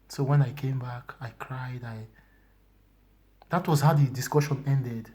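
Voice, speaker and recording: A man giving an emotional personal testimony, moving between loud emphasis and hushed whispers and repeating his phrases. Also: medium pitch, big pitch swings, a little slow, pauses often, a little hiss or hum. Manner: repetitive, restarting phrases. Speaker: church brother giving testimony.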